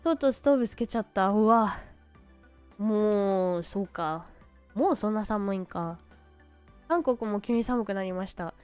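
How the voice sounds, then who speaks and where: Chatty young woman streamer, smooth voice. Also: medium pitch, expressive, fast talker, pauses often, a little mellow, faint music behind. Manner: rambling storytelling with laughs and quoted voices. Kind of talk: casual chat stream.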